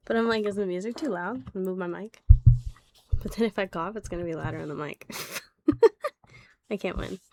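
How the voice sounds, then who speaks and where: A woman's voice: medium pitch, moderate pace, pauses often, slight background noise. A young adult woman streaming live as she reveals graded trading cards, chatting casually, bluntly and with plenty of swearing and laughter. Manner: blunt and profane, laughing easily. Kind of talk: casual livestream chat.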